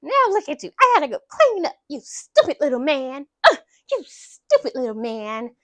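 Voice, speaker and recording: A woman voicing a volatile young woman holding a man captive, scolding in a high shrill voice. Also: animated, a little fast, a little mellow. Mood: shrieking angry. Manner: shrill, scolding, shoots up to shrieks. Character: unhinged young woman captor, bossy and volatile.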